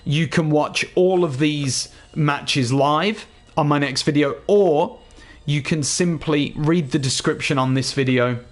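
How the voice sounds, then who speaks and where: A man's voice: fairly high pitch, takes it slowly. An English man, a gaming video host, talking to his viewers in a chatty, earnest, rambling way as he closes his video. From England. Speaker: gaming YouTuber. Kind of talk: casual outro to viewers.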